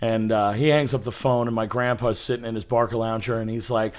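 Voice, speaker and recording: A man's voice: mid-range voice, fairly even intonation, a little fast, clean tone. A man on a podcast as a guest, casually telling family stories with lots of swearing and laughter. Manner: laid-back, heavy swearing, laughs through his stories. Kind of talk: casual storytelling chat.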